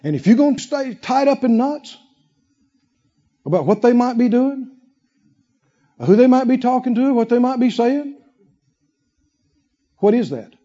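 A man preaching a sermon in an emphatic way, full of rhetorical questions and long drawn-out pauses. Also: very high voice, lively intonation, warm tone, highs cut off. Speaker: pastor.

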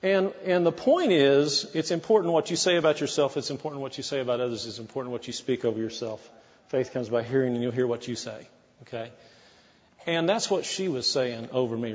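A man's voice: medium pitch, fairly quick, in a large hall, muffled recording. A man preaching a sermon as pastor, in a folksy, conversational way with asides to the congregation.

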